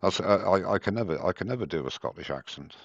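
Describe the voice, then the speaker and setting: Male host, very low voice, dull dry headset sound, rambling and self-mocking. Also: lively intonation, quick pace, gravelly, dry recording. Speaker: host of a live woodturning demo. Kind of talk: casual live-stream chat.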